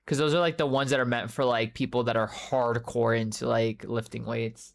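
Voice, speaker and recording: A man's voice: mid-range voice, little pitch movement, normal speed, vocal fry. A young man livestreaming in casual chat, rambling, swearing freely and answering viewers by name. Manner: rambling, loose and profane, many fillers; answers chat messages by name mid-story. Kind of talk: casual live-stream chat.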